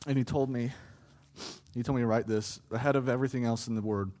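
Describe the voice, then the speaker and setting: A man's voice: mid-range voice, steady tone, fast talker. Earnest young man preaching a sermon. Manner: earnest, building to impassioned pleas with fluctuating loudness. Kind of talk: sermon testimony.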